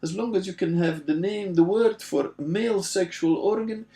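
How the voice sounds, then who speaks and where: A man's voice: normal speed, echoey room, recorded from a distance. Brief: cocky Russian military man, heavy Russian accent, broken English, played by a man telling a story. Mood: boastful. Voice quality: broken English, loud and high. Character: gruff Russian ex-soldier friend, boastful.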